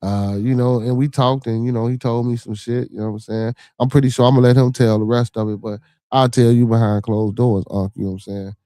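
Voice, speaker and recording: A man's voice: mid-range voice, steady tone, a little fast, dry recording, studio quality. Rambling, profane man on a livestream. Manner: rambling, profane, full of shout-outs and fillers. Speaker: podcast host. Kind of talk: casual livestream chat.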